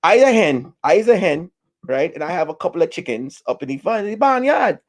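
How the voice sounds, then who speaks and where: A man's voice: a little high, sing-song, fairly quick. A man doing a flustered rambling hen. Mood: complaining. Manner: rambling, complaining, broken grammar. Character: flustered male hen complaining about his mate.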